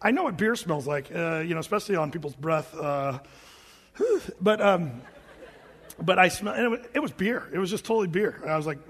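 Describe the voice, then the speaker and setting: A middle-aged male pastor telling a personal story in a sermon, animated and acting out the voices of his family. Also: sits high, fairly quick, breathy edge, long reverb tail.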